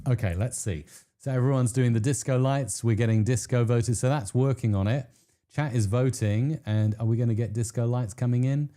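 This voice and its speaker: A man hosting a live stream, chatting to viewers with bursts of excitement and frequent laughter. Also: normal speed, clean tone. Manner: excitable, laughs often, pitch jumps when thrilled. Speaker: livestream host.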